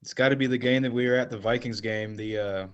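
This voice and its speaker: A man co-hosts a football podcast, speaking at an ordinary pitch. He rambles, with many "uh" fillers between thoughts. The delivery stays casual and conversational. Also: fairly even intonation, quick pace, clean tone, highs cut off. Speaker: podcast co-host. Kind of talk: casual sports podcast chat.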